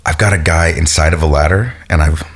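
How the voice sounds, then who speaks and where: A young man with an extremely low, deep voice tells stories at an easy pace. He rambles a little and keeps dropping "like" as he talks, in a laid-back way. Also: fast, husky. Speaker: professional wrestler, guest. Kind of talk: casual storytelling chat.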